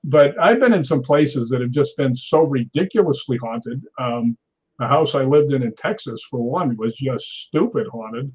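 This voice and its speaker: On a lo-fi recording, a man with a mid-range, a little mellow, husky voice speaks at a moderate pace with lively intonation. He's a stuntman in his sixties and an interview guest, telling stories animatedly, acting out quotes, and laughing often.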